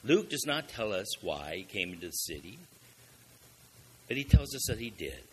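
A man's voice: lowish voice, big pitch swings, moderate pace, a little mellow, a little hiss or hum. A man preaching a sermon, asking rhetorical questions and building up with emphatic swells in volume.

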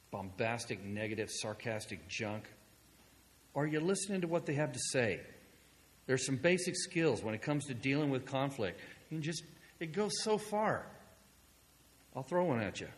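A male pastor preaching a sermon in a conversational storytelling manner, moving between hushed asides and loud, excited passages. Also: mid-range voice, normal speed, long pauses, long reverb tail.

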